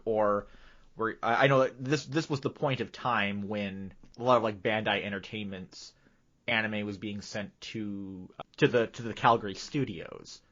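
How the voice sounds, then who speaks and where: A man's voice: fairly low pitch, a bit bright. A male podcast host asking questions in a casual interview, often stumbling and repeating words. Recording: dull lo-fi audio.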